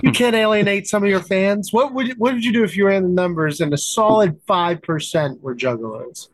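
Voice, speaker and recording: A man guesting on a chatty beer podcast, his voice sitting notably high as he riffs playfully with the hosts. The mic is close and dry. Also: fairly quick, no room sound. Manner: playful, riffing jokes. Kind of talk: casual chat over beers.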